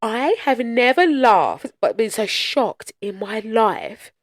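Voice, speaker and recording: A woman co-hosting a podcast in casual chat, a lively storyteller who swears freely and laughs often. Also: on the high side, takes it slowly, no echo, studio quality. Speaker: podcast co-host.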